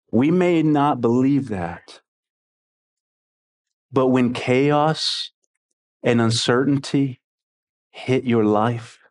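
A man preaching a sermon in an animated, expressive way, swinging between excited bursts and quiet, hushed passages. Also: medium pitch. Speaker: pastor.

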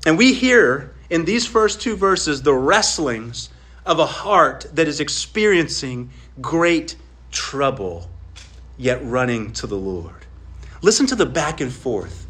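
A man with a high voice preaching a sermon as pastor. He speaks earnestly, climbing high when he voices pleading prayers and sinking quiet and low for asides. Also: very animated, takes it slowly. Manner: earnest preaching, voice rising on quoted pleas and dropping low on asides.

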